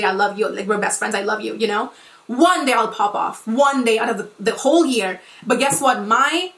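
Young woman podcaster, rapid heated rant, highish voice, echoey room. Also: fairly bright tone, far from the mic. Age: 20s. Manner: fast, profane, emphatic, many likes and restarts. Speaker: podcast host and influencer. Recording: roomy echo.

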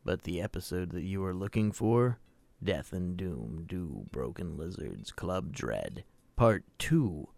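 A man, the podcast's host, reading a deliberate, scripted promo. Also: low voice, lively intonation, gravelly, darkish tone, no echo.

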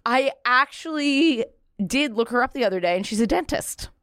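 A woman's voice: high voice, animated, normal speed, fairly bright tone, dry recording. A woman comedian, a guest in a studio, telling a candid personal story in a wry, self-deprecating way. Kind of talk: casual conversational storytelling.

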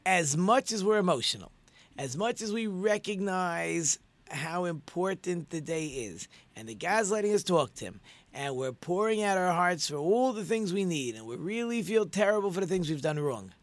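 A man's voice: high voice, animated, moderate pace, no echo. A middle-aged man, a prayer leader, giving an informal religious teaching talk in an earnest way, often repeating words and phrases for emphasis.

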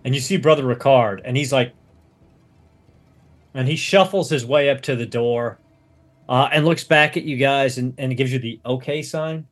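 A man narrates a tabletop game as game master, casual and full of restarts. His voice has a slightly husky grain. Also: mid-range voice, faint music behind. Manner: casual, halting, many restarts.

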